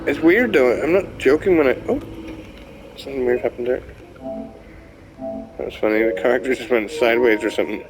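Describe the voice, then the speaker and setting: A man's voice: mid-range voice, fairly quick, long pauses, low-quality recording. Young male gamer, casual rambling commentary, mid-range voice, music in the background. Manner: rambling, chatty, swears casually. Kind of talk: casual let's-play commentary. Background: game music.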